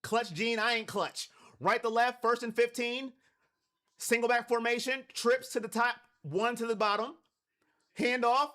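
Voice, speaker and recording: A man from Cleveland hosting a live watch party stream, calling plays and talking to his chat. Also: very high-pitched. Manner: hypes chat, shouts on big plays.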